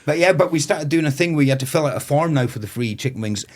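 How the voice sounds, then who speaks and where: A man's voice: fairly high pitch, animated, fast. A man of around forty from Moray in Scotland, a festival owner telling stories as a guest in a casual podcast chat. He rambles, swears freely and laughs often.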